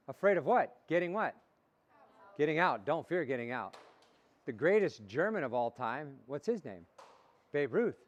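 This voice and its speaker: A man coaching young baseball players in a motivational talk, asking questions and repeating the answers back. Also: a little high. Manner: call-and-response, asks questions and repeats answers. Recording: dull lo-fi recording.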